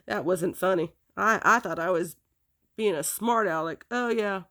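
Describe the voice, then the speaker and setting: A woman telling a personal story in a rambling, halting way, chuckling now and then. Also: medium pitch, fairly bright tone.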